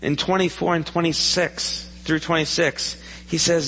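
A man's voice: fairly high pitch, steady tone, a little slow, sharp tone, long reverb tail, a little hiss or hum, poor audio. A man preaching a sermon in a church, earnest and asking the congregation questions. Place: church sanctuary.

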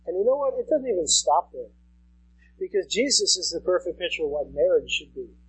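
A man's voice: high voice, expressive, a little fast, fairly bright tone, breathy edge, poor audio. A man in his thirties preaching a sermon as pastor, conversational and repeating key phrases for emphasis. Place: church sanctuary.

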